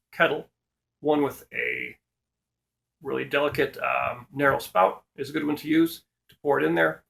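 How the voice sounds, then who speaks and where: A middle-aged man talks a viewer through a how-to in a casual, unhurried way. His voice sits at an ordinary pitch but carries a strong rough, gravelly fry, and he often pauses on fillers and restarts. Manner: relaxed, with frequent fillers and restarts. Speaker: host. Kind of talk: casual instructional talk.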